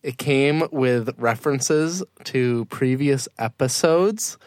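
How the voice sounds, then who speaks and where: A man's voice: medium pitch, slow pace, no room sound, studio quality. Upbeat male podcast host. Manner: upbeat, joking, animated. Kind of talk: casual podcast chat.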